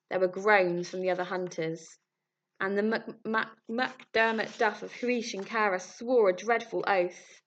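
A woman reads a storybook aloud with a lively, expressive touch. Her voice is bright and crisp at a middle pitch. The recording is muffled and lo-fi. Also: a little slow, slight background noise. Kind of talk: storybook reading.

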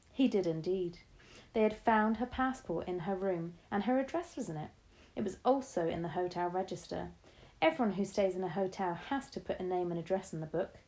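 Woman, teacher, reading a novel aloud to a class, expressive, dark mellow tone. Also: fairly low pitch, a little fast, low-quality recording.

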